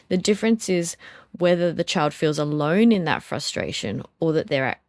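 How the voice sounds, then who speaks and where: A woman in her thirties speaks in a lowish, even voice, patiently working through a parenting point with plenty of ums. The sound is close and dry, with no room around it. She talks like a mother sharing what she has learned. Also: no echo. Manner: thoughtful, explains step by step with frequent ums. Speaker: podcast co-host and mother of a toddler. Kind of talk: reflective parenting talk.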